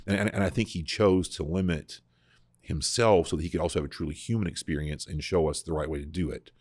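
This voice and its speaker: A man hosting a podcast, explaining scripture in a casual, animated way, often restarting his sentences. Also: deep voice, fast, husky, dry recording, studio quality. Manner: animated, full of restarts and repeated words. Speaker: podcast host discussing scripture. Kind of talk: casual conversational Bible teaching.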